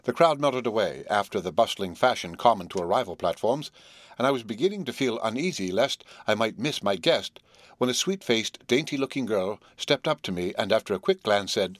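A man's voice: on the low side, expressive, brisk, no room sound, clean studio sound. Man reading a classic novel aloud. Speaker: audiobook narrator. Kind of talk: scripted narration.

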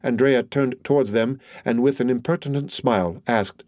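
Man, audiobook narrator, steady measured reading, middle pitch, dry close sound. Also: no room sound. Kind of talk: scripted narration.

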